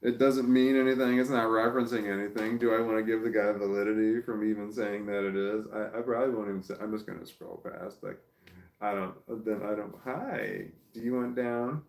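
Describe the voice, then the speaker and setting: A man's voice: lowish voice, steady tone, a little fast, vocal fry, darkish tone, reverberant. A Southern man with a Southern American accent, casually reading and reacting to live comments in a stop-start, chuckling way. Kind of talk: casual livestream chat.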